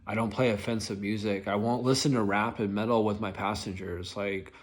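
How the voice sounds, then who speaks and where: A young adult man with a slightly low-pitched voice tells stories casually in a vlog. He rambles, restarts his sentences and leans constantly on "like" and "um". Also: steady tone, brisk. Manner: rambling, filler-heavy, lots of "like". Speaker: rideshare driver telling stories.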